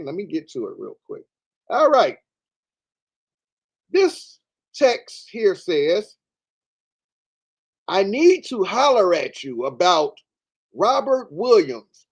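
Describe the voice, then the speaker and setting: A man's voice: medium pitch, gravelly, darkish tone. A man hosting a commentary show, reading out text messages and answering them with emphatic repetition and rhetorical questions. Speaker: show host.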